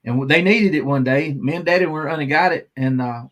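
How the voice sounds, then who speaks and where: A man's voice: on the high side, moderate pace, fairly bright tone. A man hosting a live stream, chatting casually, rambling and laughing often.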